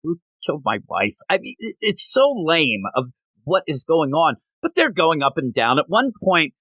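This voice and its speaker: A man's voice: a little high, normal speed, no room sound. A man giving a casual, ranting comic book review on a podcast, acting out bits of dialogue as he goes. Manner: animated, ranting, acts out dialogue.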